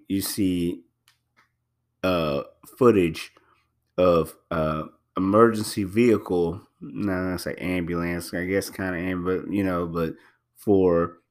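Deep-voiced man, emphatic podcast host. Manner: emphatic, repeats himself, many fillers. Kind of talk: casual spoken commentary.

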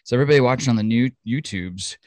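A man co-hosting a podcast in casual chat, chatty, excitable and jokey. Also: mid-range voice, very fast, no echo. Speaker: podcast co-host.

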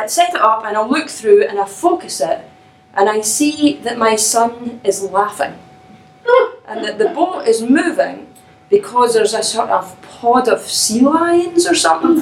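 Animated woman telling a personal story. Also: fairly high pitch, reverberant, rough recording. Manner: animated, laughing, self-mocking.

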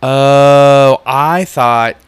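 A man's voice: medium pitch, very slow, clear, resonant tone, no room sound. A man co-hosting a podcast in casual chat, playful and laughing often. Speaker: podcast co-host.

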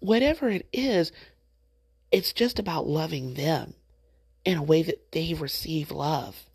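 Woman podcast host, middle-aged, gravelly with vocal fry, animated faith-based exhortation. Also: low-pitched, unhurried, no room sound. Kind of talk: encouraging faith-based talk.

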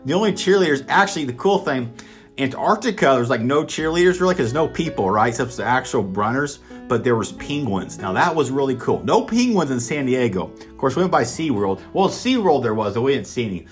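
A man's voice: medium pitch, sing-song, a little fast, faint music behind. A man from Kansas telling a motivational personal story in an enthusiastic, conversational way, with lots of fillers. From Kansas, United States. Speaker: speaker sharing his story.

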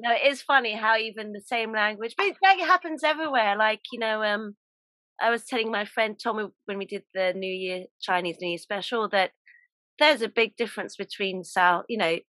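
An English woman hosting a podcast, talking in a relaxed, chatty way with lots of laughs and fillers. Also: mid-range voice, fairly quick, no room sound. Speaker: podcast host. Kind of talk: casual chat.

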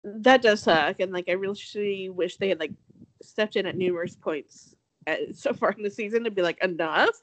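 A young woman co-hosting a casual chat, talking fast and loose, laughing often and acting out quotes. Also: a little hiss or hum. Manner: chatty, laughs often, acts out quotes with big pitch jumps. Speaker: podcast co-host. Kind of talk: casual chat recapping a reality show.

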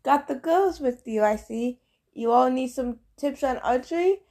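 Lady reading as a show-off teen sun god, high and loud, super pleased with himself. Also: animated, a little slow, exaggerated voice. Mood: cocky, playful. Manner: boastful, cheerful, showy.

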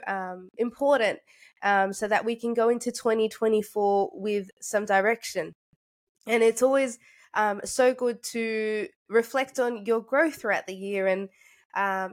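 A young woman hosting a faith podcast in a chatty, casual way, with many fillers, sounding congested. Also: medium pitch. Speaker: podcast host.

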